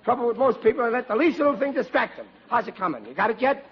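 An actor playing an excitable, blustering father in a 1940s radio comedy, flustered and stammering when things go wrong. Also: very high voice, fast, slightly rough, exaggerated voice. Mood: fussing. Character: excitable, blustering middle-aged family father. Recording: muffled old radio broadcast with hiss.

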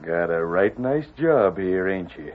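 A man voicing a menacing cattle-rustling outlaw with a slow, sly, taunting drawl, in 1940s radio style. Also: low voice, animated. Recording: tinny old radio broadcast.

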